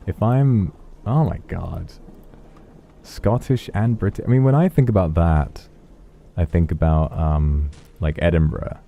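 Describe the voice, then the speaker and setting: A man streaming, chatting softly and affectionately as he reads viewer donations. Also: low voice, a little slow, gravelly, dull audio. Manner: soft, affectionate, musing. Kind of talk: casual chat reading donations.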